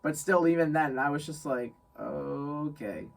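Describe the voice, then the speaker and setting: A young man from New York telling a story in casual chat, animated, laughing often and repeating phrases. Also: on the high side, fairly quick, recorded from a distance, low-quality recording. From New York State. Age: young adult. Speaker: guest friend.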